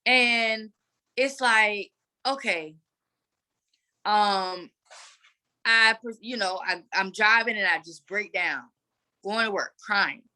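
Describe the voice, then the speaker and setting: A woman guest telling a candid personal story in an earnest, animated way. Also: medium pitch, takes it slowly, pauses often. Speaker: guest advocate.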